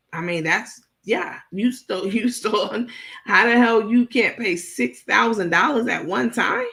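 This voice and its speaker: Gravelly-voiced woman hosting a gossip stream. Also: mid-range voice, fairly bright tone. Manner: blunt, gossipy, frequent fillers and laughs. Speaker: livestream host. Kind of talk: casual commentary reading live chat.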